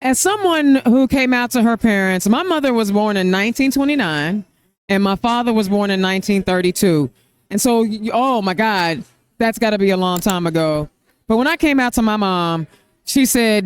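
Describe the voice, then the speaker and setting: A woman's voice: medium pitch, expressive, moderate pace, clear, resonant tone. A middle-aged woman from Indiana, hosting a podcast interview on location at a campaign event, talking in an emotional, effusive way. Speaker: podcast host. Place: event venue.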